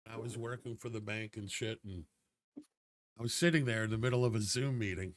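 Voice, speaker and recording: A man's voice: on the low side, fairly quick. A man co-hosting a podcast, telling a blunt, profane story in casual chat. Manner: swearing storyteller, acts out the voices in his stories. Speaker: podcast co-host.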